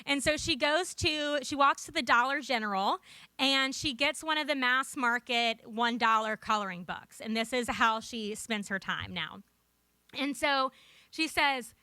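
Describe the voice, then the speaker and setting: Bright, high-voiced young woman giving a talk. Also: unhurried, dry recording. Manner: earnest and lightly humorous. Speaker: conference speaker. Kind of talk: prepared academic talk with personal anecdote. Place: conference room.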